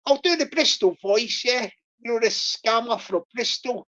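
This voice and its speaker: A woman talking casually on a livestream, rambling through her points with false starts and chuckles. Her voice sits somewhat high for a woman. The sound is dull and lo-fi. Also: lively intonation, normal speed, fairly bright tone. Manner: rambling, many fillers and restarts, chuckles. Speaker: YouTube livestreamer. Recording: lo-fi dull stream audio.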